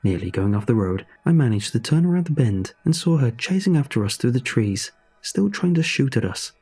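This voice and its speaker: A man reading a first-person horror story in a measured, dramatic storytelling manner. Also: medium pitch, very animated, darkish tone, slightly rough, soft background music.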